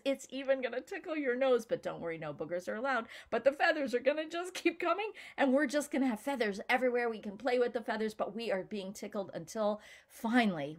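A woman guides an online group through silly laughter exercises, her mid-range voice light and coaxing. She laughs freely between instructions and keeps the tone playful and encouraging. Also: medium pitch. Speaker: laughter yoga leader.

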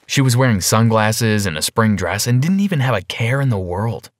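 Low, animated male storyteller. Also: moderate pace, no room sound, studio quality. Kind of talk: first-person animated story narration.

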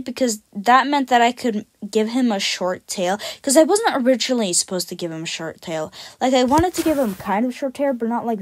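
A woman on a video channel casually describing her drawn cat characters, rambling and self-deprecating, with many fillers and some casual swearing. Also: a little high.

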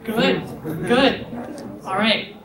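A woman hosting a lively convention panel contest, prompting contestants in an upbeat way. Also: on the high side, very slow, vocal fry, far from the mic. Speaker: panel host running a contest. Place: large convention hall. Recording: echoey hall mic, loud crowd.

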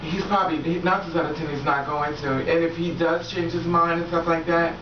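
A woman's voice: low-pitched, flat delivery, brisk. Frank, profane woman vlogging in an echoey room. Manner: frank, profane, laughs often. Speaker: vlogger giving relationship advice. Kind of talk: casual straight-talking vlog. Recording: echoey room, distant dull mic, faint background noise.

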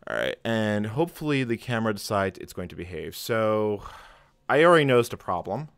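A man's voice: lowish voice, lively intonation, brisk, fairly bright tone, clear, resonant tone. Rambling man hosting a tech livestream. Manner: rambling, self-deprecating, frequent fillers and chuckles. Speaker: streamer. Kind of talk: live tech stream commentary.

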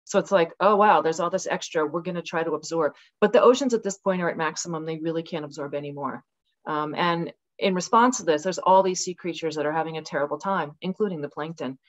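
A woman's voice: sits low, fast, highs cut off. A woman guest author talking casually and animatedly in an interview over a video call from her rural home. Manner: animated, acts out voices with laughs.

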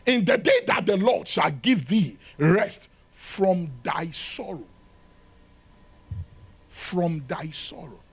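Man, pastor, church sermon, husky, slightly high voice, dramatic swings in volume. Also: lively intonation, slow. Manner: preaching with dramatic swings between shouting and hushed tones; acts out dialogue between lovers.

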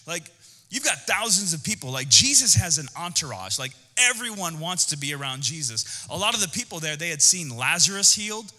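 A male pastor giving an energetic, conversational sermon, talking directly to the congregation with quick asides. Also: on the high side, long reverb tail.

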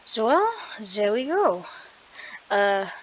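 Slow-talking woman hosting a gaming vlog. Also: on the high side, sing-song, over loud music, low-quality recording. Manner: rambling and self-deprecating, laughs often. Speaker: gaming video host. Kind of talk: casual gaming vlog chat.

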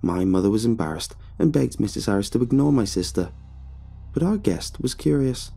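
A man narrating a horror story in a slow, hushed storytelling manner with a gravelly, husky voice. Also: fairly low pitch, very animated, soft background music.

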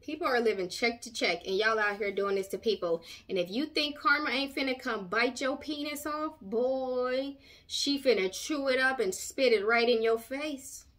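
A woman's voice: on the high side, normal speed, a bit bright. A woman hosting a commentary channel, giving sassy, outspoken reactions.

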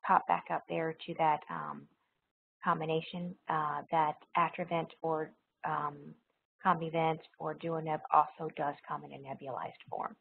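A low, gravelly woman's voice delivers a pharmacology lecture, working through each point carefully and repeating what matters, with plenty of ums along the way. The sound is thin and tinny, like it came over a phone line, with a faint hiss under it. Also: flat delivery, measured pace. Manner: explanatory, repeats key points, frequent ums. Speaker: nursing pharmacology instructor. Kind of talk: recorded lecture.

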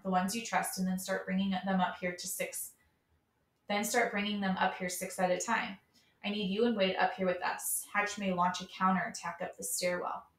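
A woman's voice: medium pitch, a bit bright, reverberant, recorded from a distance, natural voice. A young male leader giving orders, read by a woman. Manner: brisk, commanding.

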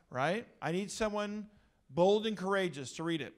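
A middle-aged male pastor giving an energetic, joking talk to a youth gathering. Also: on the high side, fairly quick.

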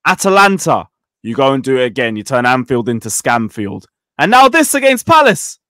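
A man's voice: medium pitch, moderate pace, no room sound, clean studio sound. A man on a football fan panel, analysing matches and acting out quotes. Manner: animated, analytical, acts out quotes. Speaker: football pundit.

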